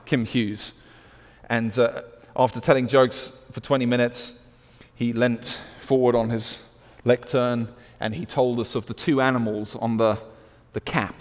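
A man with a British accent preaching a sermon, swinging from loud emphatic declarations to hushed storytelling. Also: mid-range voice, in a large hall.

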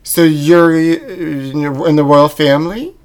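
A man's voice: fairly high pitch, slow, a little mellow, poor audio. A man co-hosting a comedy podcast, talking in a campy, dramatic, sassy way. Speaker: podcast co-host. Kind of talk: comedic podcast banter and sketch.

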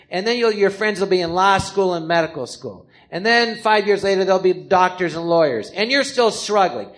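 An animated American comedian in his fifties recounts his past on a live stage. His voice sits a little high, and he jumps into other voices whenever he quotes someone. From Los Angeles, California. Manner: animated, acts out quoted people in different voices. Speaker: comedian telling his life story. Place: live theatre stage before an audience.

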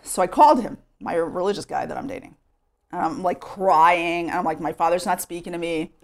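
A woman from Texas with a somewhat low voice talks through her life story in a relaxed interview. She is recorded at home and leans on "like" as she goes. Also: fairly quick. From Sherman, Texas, US. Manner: chatty, with many "like" fillers. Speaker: interview guest.

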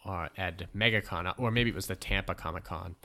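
Rambling, animated American man chatting casually. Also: sits low, fairly quick. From United States. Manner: rambling, animated, swearing, laughing. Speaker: podcast host. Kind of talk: casual chat.

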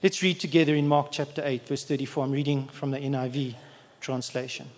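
A man's voice: mid-range voice, steady tone, brisk. Man, preacher, sermon, conversational, acts out quotes, long hall reverb.

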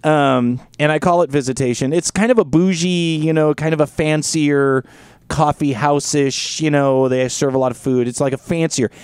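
A man hosting a casual podcast chat, telling a story in an animated, profane way. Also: medium pitch, clear, resonant tone, no room sound. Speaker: podcast host.

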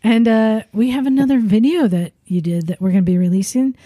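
A woman hosting a casual chat show from a garage studio, bubbly and quick to laugh. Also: on the high side, dark tone, no room sound. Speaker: podcast host.

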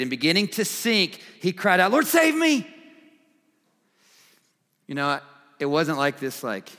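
A man preaching in a large church, his voice bright and forceful and carrying a long hall reverb. He takes his time, swinging between ringing emphatic peaks and hushed, earnest drops. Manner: animated, rising to emphatic highs and dropping to quiet, earnest lows. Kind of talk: sermon.

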